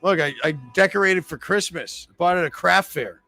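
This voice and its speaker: High, gravelly, bright-voiced trivia host. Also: male voice, a little fast, faint music behind. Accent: New England. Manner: joking, chatty, reads questions and scores. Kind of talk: live-streamed bar trivia hosting.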